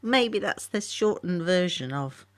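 A woman's voice: fairly low pitch, animated, measured pace. A woman from the UK co-hosting a podcast, chatting casually and prompting with curious questions. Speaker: podcast co-host. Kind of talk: casual chat.

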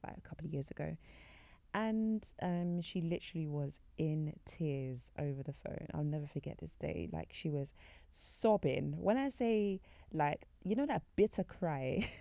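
A young woman with a low, gravelly voice gives a casual faith talk. She speaks in a chatty, filler-heavy way and often acts out the conversations she recounts. The sound is dry and close, with a mellow tone. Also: moderate pace, no room sound.

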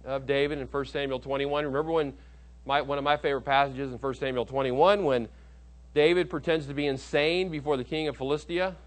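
A male pastor delivering a sermon, emphatic, with rhetorical questions to the congregation. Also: on the high side. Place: church auditorium.

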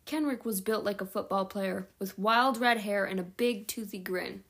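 A woman's voice: medium pitch, moderate pace, fairly bright tone. A woman reading a novel aloud at home, with small slips and self-corrections along the way. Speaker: audiobook reader.

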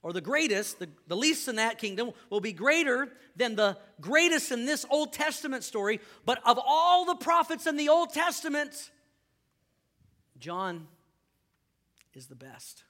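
A pastor preaches in a high, bright voice, talking to the congregation as if in casual conversation. He jokes with them, then leans in hard with emphatic, ringing lines. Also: sing-song, measured pace. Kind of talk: sermon.

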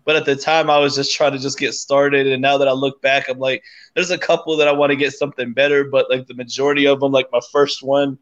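A man's voice: medium pitch, level tone, quick pace, a bit bright, muffled recording. A man chatting casually as a podcast guest, hesitant and full of fillers and restarts. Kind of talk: casual chat.

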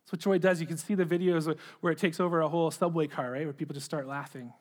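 A man's voice: on the high side, fairly even intonation, fast talker. A middle-aged man preaching a sermon, earnest, often repeating words as he starts a phrase. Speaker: pastor.

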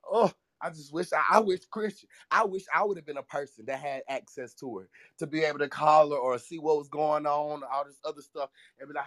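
A man's voice: fairly high pitch, brisk, few pauses, fairly bright tone, dry recording. A man hosting a faith podcast who preaches emphatically and laughs often, with a way of talking. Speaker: podcast host. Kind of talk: casual morning chat with preaching.

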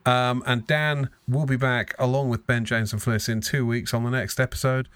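A man's voice: mid-range voice, level tone, normal speed, a bit bright, no echo. A man hosting a casual podcast chat, joking and swearing freely. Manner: sweary, self-mocking. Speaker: podcast host.

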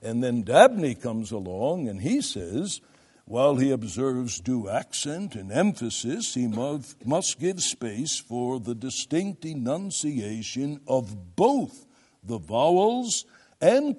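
Man lecturing with lively shifting pitch. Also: slow, slightly rough. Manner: reads quotations aloud, spells words out, shifts volume for emphasis. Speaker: preaching lecturer. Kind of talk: classroom lecture on preaching.

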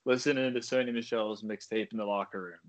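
Man, lowish voice, casual sports podcast chat, dry wry humor. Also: fairly even intonation, fast talker. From Australia. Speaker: podcast co-host.

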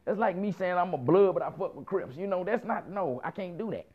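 A man in his thirties tells a late-night story and then lectures his listeners, talking loosely and profanely in heavy slang. His voice sits a bit high for a man, and the recording comes through muffled and lo-fi. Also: fairly quick. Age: 30s. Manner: profane, animated, lots of quoted dialogue and slang. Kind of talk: casual storytelling rant.

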